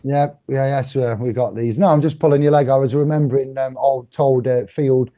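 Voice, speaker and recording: A man's voice: mid-range voice, fairly even intonation, moderate pace, dry recording, lo-fi sound. A man hosting a casual online chat show, rambling and chuckling with many fillers. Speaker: host.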